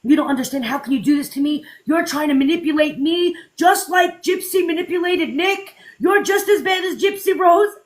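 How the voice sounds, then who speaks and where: A woman quoting a clingy, obsessive female fan in a high, whiny, insistent voice. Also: fairly even intonation, rapid-fire, few pauses, a little mellow, natural voice. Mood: pleading, accusing.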